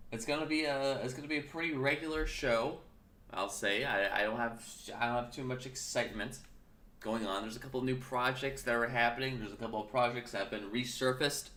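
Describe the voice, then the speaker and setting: A man's voice: medium pitch, pushed and bright, reverberant. Chatty man with a morning voice. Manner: chatty, rambling, self-correcting. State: early-morning voice. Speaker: podcast host. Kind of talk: casual solo talk show.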